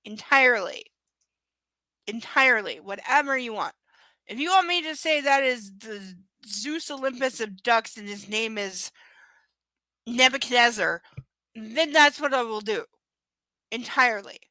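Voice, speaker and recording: Woman doing a live book read, sharp bright voice, sarcastic chatty commentary, swears a lot. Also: a little high, animated, measured pace, pauses often, dry recording.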